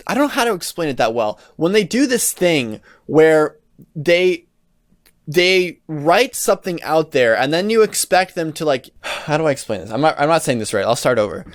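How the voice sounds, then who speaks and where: A man's voice: a little high, very animated, moderate pace, no echo, studio quality. A young man hosting a solo podcast, ranting in an exasperated, rambling way with lots of restarts and swearing. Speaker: podcast host. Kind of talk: casual solo podcast rant.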